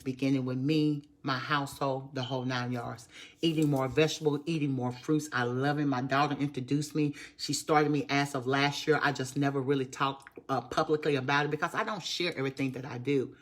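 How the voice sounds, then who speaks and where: With an extremely low pitch, fairly even intonation and a brisk pace, a woman in her 50s from Texas delivers a motivational live stream as a network marketer. She hammers her points through repetition, sounding preachy and emphatic as she calls viewers y'all.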